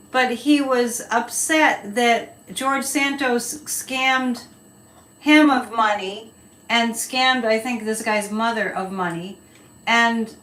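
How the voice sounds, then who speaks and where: A woman hosting a psychic livestream chats casually and with strong opinions, rambling as she responds to viewer comments. Her fairly high voice sounds pushed and bright, and she's a bit off-mic and distant in an echoey room.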